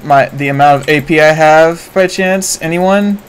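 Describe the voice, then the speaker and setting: Excitable man streaming a game. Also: a little high, moderate pace, a little hiss or hum, low-quality recording. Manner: excitable, swearing, bursts of shouting and laughter. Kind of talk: live gameplay commentary.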